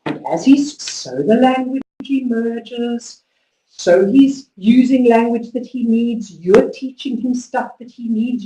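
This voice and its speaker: Woman lecturing in an echoey hall. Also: fairly high pitch. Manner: lively storytelling, emphatic instructions. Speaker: conference speaker. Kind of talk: conference talk to teachers. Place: conference hall. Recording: echoey hall, distant mic.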